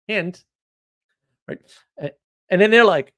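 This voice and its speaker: A man hosting a casual livestream, chatting and reacting to viewer comments in a rambling, opinionated way, often getting louder or dropping suddenly to a mutter. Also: high-pitched. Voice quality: rambling, opinionated, quick shifts in loudness. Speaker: livestream host.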